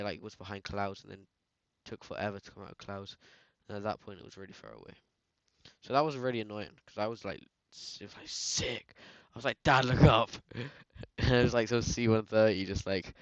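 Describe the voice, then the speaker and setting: A man's voice: on the low side, vocal fry, dry recording. A man with a British accent chatting casually while editing photos, rambling and slangy, full of filler words. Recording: dull, dry lo-fi sound.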